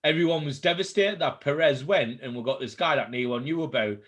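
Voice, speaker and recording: A man's voice: a little high, fairly quick, fairly bright tone. A man, co-hosting a casual chat over drinks and telling laid-back, sweary anecdotes. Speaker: co-host.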